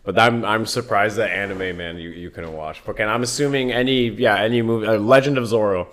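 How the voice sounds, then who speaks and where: A young man with a lowish voice chats casually and tells stories in an animated, profane way. He keeps cutting into quick impressions of movie characters. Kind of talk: casual chat.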